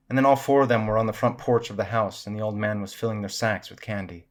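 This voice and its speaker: A low-voiced man narrating spooky tales for listeners. His reading is measured and dramatic, paced to build suspense. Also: steady tone. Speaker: storyteller. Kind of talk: reading horror stories aloud.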